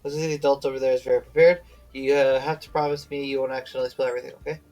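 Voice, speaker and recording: A man's voice: mid-range voice, little pitch movement, rapid-fire, warm tone, faint music behind, poor audio. A tired man streaming a game, reading its dialogue aloud with slips and self-corrections, breaking off to chat and yawning.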